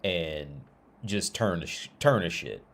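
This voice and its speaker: A man's voice: deep voice, lively intonation, slow pace, a bit bright. A man talking on a casual livestream, rambling with many restarts and fillers. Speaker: streamer.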